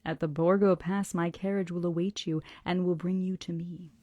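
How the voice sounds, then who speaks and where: A woman reading a book aloud, voicing a courteous old nobleman's letter in a slow, hushed, formal way. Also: lowish voice, steady tone, no room sound, muffled recording, natural voice.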